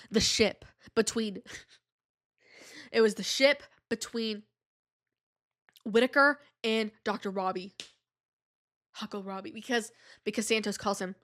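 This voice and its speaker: A podcast host with a medium-pitched, fairly bright voice and a stuffy nose chats casually solo. She rambles and drifts between thoughts, using "like" heavily.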